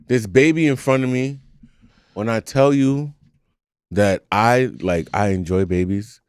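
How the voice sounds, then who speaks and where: A man co-hosting a podcast, chatting casually in an animated, profane rant with frequent laughter. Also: medium pitch, measured pace, clean tone, dry recording, studio quality. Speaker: podcast co-host. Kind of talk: casual chat.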